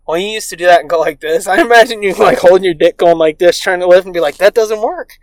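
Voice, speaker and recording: A man's voice: high voice, fast, dry recording. A man co-hosting a casual podcast, telling profane stories and acting out the people in them. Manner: profane, animated, acts out quoted voices. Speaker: podcast co-host. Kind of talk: casual crude storytelling.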